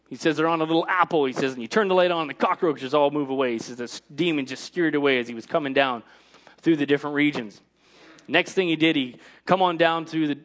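A man preaching a sermon, punctuating his lines with "Amen" and rising to shouted emphasis. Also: on the high side.

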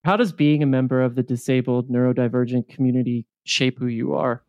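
A man hosting a podcast, asking gentle, supportive interview questions. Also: medium pitch, steady tone, brisk, dry recording, dull audio. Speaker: podcast host.

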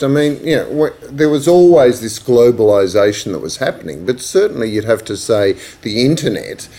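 A man's voice: mid-range voice, warm tone. A man with an Australian accent, hosting an interview podcast, chatty and friendly, laughing easily. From Australia, grew up in Asia Pacific. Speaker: podcast host. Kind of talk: conversational interview.

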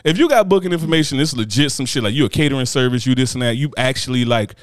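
Guy cussing his way thru a story, fast and all over the place pitch-wise, dry close sound. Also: no room sound. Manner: profane, animated ranting with mocking voices. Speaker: podcast co-host. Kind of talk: casual chat, comic storytelling.

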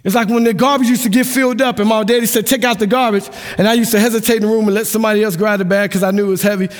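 A male pastor preaching a sermon with passion, dropping to a hush and rising to shouts, sometimes half-singing his lines. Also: high voice, steady tone, racing. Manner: impassioned preaching, swings from hushed to shouting, half-sung lines. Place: church sanctuary. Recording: long hall reverb.

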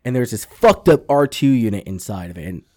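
A man's voice: lowish voice, a little fast, no echo, clean studio sound. A man casually recapping a TV episode, acting out the characters' lines and swearing freely. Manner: animated storyteller, acts out quotes, swears a lot. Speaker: podcast co-host recapping a TV episode. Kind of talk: casual profane chat.

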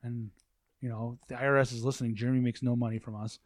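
A man talking casually in a dry, close-sounding room, his pitch sitting in an ordinary middle range. He rambles through stories, swears freely, and restarts his sentences again and again. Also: level tone, fast talker, no echo. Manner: rambling storyteller, swears, repeats himself. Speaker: podcast guest, warehouse manager. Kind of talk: casual chat. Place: office at a work facility.

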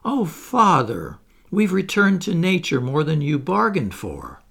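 A man voicing a sulky young lady, high. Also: wildly swooping pitch, measured pace, a bit bright, heavily acted. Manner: possessive, sulky. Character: petulant young aristocratic daughter.

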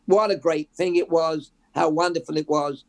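A man, a journalist guest telling animated anecdotes in an interview. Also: a little high, moderate pace, creaky. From England. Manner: animated, anecdotal, repeats words as he builds. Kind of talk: interview storytelling.

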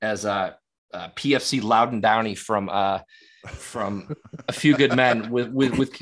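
A man's voice: medium pitch, a little slow, fairly bright tone. Rambling, profane man chatting on a podcast. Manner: rambling, profane, many restarts. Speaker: podcast co-host. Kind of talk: casual podcast chat.

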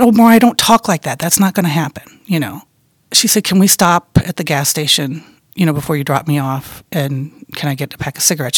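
A middle-aged woman telling the story of her daughter in an interview, talking softly and haltingly, often trailing off into a quiet voice. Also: sits low, no room sound, studio quality. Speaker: guest, bereaved mother.

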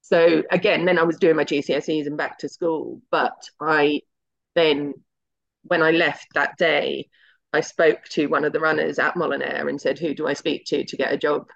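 Here the same kind of speaker, a middle-aged woman who is a TV executive guest, uses a low, level voice with vocal fry at a moderate pace. Her casual interview story is chatty and anecdotal, with the dialogue acted out. The audio is lo-fi and a bit muffled.

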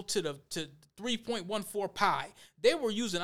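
A man's voice: high-pitched, animated, fairly quick, hardly any pauses. A man reading news aloud and breaking in with heated, emphatic, repetitive commentary to his viewers. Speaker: commentary vlogger.

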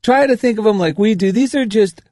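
A man with a notably high voice co-hosts a spiritual radio talk show. He recounts everyday stories in an upbeat, earnest manner. His voice is recorded close and dry in the studio. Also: a little fast, no echo. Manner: animated storyteller, upbeat and earnest. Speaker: radio co-host. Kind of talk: casual spiritual radio chat.

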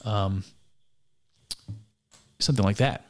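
Slow and darkish in tone, a fairly low male voice reflects earnestly on a mystical text. He muses as he goes, frequently halting to begin his sentences again.

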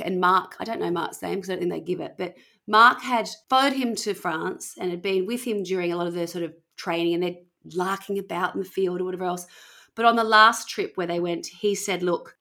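A woman's voice: mid-range voice, bright, forceful tone. A woman hosting a podcast, chatting casually as she retells a story, laughing often and acting out the people she quotes. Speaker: podcast host telling a story.

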